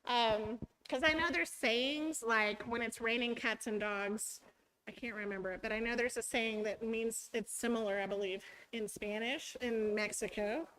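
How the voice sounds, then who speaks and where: A woman's voice: on the high side, steady tone, normal speed, a bit bright, rough recording. A woman teacher giving a chatty training talk, often acting out her students' voices.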